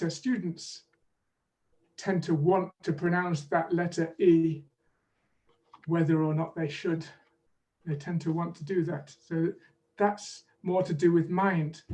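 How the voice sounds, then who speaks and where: Brief: male pronunciation teacher on a webinar, light high voice, slow careful delivery, sits back from the mic. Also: a little mellow, far from the mic. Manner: measured and explanatory, leads drills. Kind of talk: online teaching webinar with demonstrations.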